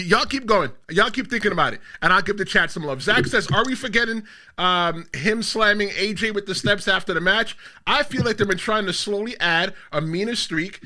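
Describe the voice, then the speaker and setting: A man hosting a casual podcast, emphatic and quick to talk over others while reading the chat aloud. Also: high voice, bright, forceful tone. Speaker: podcast host and wrestler.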